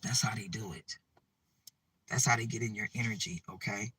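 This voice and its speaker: A man's voice: lowish voice, fairly even intonation, moderate pace, pushed and bright, husky, recorded from a distance. A man giving a preachy spiritual monologue to his viewers, repeating himself urgently and checking in with "okay?". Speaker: spiritual advice channel host.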